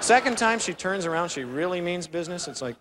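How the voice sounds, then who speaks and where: A young man doing an animated stand-up routine on a theater stage, acting out characters with voices and sound effects. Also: sits high, fast talker. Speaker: stand-up comedian. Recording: live theater recording with crowd noise. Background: audience laughter.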